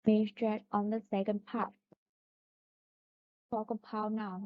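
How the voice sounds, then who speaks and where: In a dry, phone-like recording with no room sound, a woman of medium pitch reads her class presentation. As the student presenter, she covers stress in compound words, listing examples carefully.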